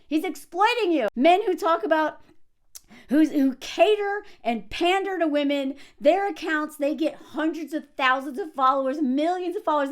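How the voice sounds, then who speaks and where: A middle-aged woman ranting to camera in a loud, emphatic vlog, often breaking into yelling. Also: high voice. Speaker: vlogger.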